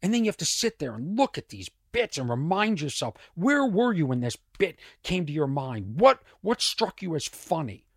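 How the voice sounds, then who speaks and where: A middle-aged man with a strained voice, a comedian telling a rambling story on his podcast, dropping to mutters and rising loud again. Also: on the high side, moderate pace, few pauses, dry recording, clean studio sound. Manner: animated, swings from muttering to loud. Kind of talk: casual storytelling monologue.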